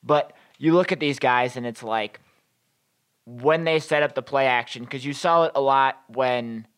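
Smooth-voiced man chatting about football. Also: medium pitch, a little slow. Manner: relaxed, rambling, filler-heavy. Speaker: podcast co-host. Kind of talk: casual sports chat.

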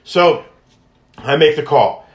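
A man hosting a podcast, telling stories in a casual, high-energy way, laughing often and acting out phone calls. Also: slow pace. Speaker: podcast host and wish granter. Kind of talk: casual storytelling monologue. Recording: echoey room.

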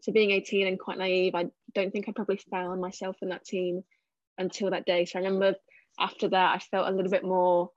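Chatty young Englishwoman, flat delivery. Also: mid-range voice, fairly quick, dry recording, muffled recording. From England. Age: 20s. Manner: chatty, self-deprecating, many fillers. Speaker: cricketer guest. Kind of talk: casual interview answers.

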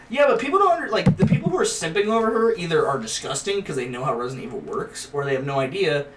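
A man's voice: fairly high pitch, very animated, a little fast. A man co-hosting a podcast, chatting crudely, swearing a lot and laughing often. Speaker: podcast co-host. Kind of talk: casual crude banter. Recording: echoey room, distant mic, faint hiss.

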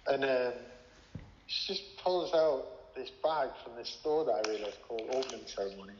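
Medium-pitched, a little fast and slightly mellow, this man rambles through a casual story with frequent swearing and filler words. He's an interview guest and former music manager, recorded in an echoey room with long reverb, dull lo-fi quality and slight background noise.

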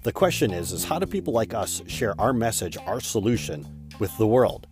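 A man hosting his own podcast, telling a casual, self-deprecating story with lively retelling and many restarts. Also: fairly low pitch, moderate pace, over music. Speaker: podcast host.

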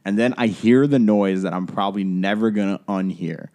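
Young guy, podcast co-host, lower voice, loose casual storyteller who swears and rambles with fillers. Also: moderate pace, warm tone. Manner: rambling, profane, lots of fillers and "like".

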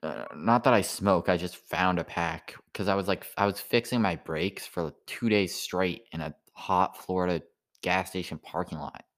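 A sleepy man rambling through a halting stand-up style monologue full of "like" fillers. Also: deep voice, fairly bright tone.

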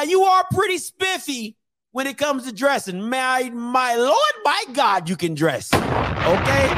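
A man hosting opinionated sports commentary, blunt, joking and repetitive in an animated way. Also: very high-pitched, heavy background noise.

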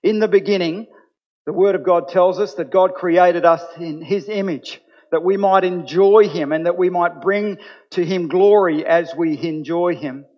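A man's voice: high-pitched, a little slow. A man preaching a sermon as pastor, earnest and building to emphatic points. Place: church. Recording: dull sound with long hall reverb.

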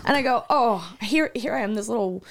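A woman in casual chat, telling stories in an animated way and swearing often. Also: fairly high pitch, brisk, very noisy.

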